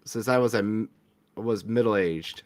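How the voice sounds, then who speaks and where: A man's voice: lowish voice, a little slow, natural voice. A man voicing a wry, frank young woman from a small town, talking in a confiding way. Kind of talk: reading a visual novel aloud with voices.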